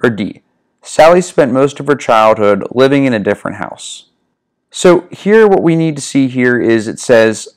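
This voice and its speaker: A man's voice: medium pitch, animated, moderate pace. A man from the American Northeast, a test-prep tutor, casually walking through reading questions step by step, recorded at home on a desk microphone. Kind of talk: explaining a reading practice test.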